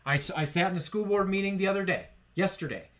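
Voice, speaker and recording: A man's voice: high voice, fast. A man co-hosting a podcast, ranting emphatically in casual political chat. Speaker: podcast co-host.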